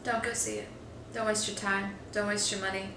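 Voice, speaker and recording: A woman's voice: medium pitch, flat delivery, brisk, creaky, noisy background. A woman giving a casual, exasperated movie review, rambling with lots of fillers and restarts. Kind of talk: casual opinionated film review. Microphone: phone. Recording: echoey room with faint ambience.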